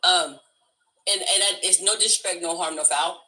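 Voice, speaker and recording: A middle-aged woman hosting a live stream, telling a story in casual chat, swearing freely and acting out loud shrieks. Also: lowish voice, moderate pace, low-quality recording. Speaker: livestream host.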